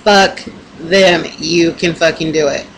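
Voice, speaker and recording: A woman's voice: sits low, fairly even intonation, takes it slowly. Young woman ranting with heavy swearing. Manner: profane, rambling, emphatic. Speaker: vlogger. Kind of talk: casual pep-talk rant to camera. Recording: noisy home recording.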